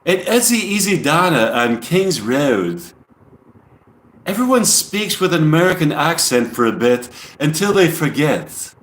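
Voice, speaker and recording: A man's voice: fairly high pitch, big pitch swings, unhurried, voice pushed up. A man doing a chatty put-on English accent. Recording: roomy echo.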